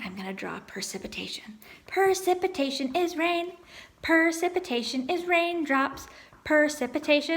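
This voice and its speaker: High, lively woman teaching little kids. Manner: encouraging, sounds words out slowly. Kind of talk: online lesson for young children.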